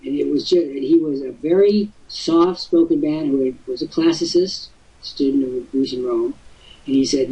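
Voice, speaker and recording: A man's voice: mid-range voice, moderate pace, warm tone, distant mic. An older man hosting a live webcast talk show, telling stories expansively with theatrical asides. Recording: husky voice from off-mic, muffled lo-fi audio.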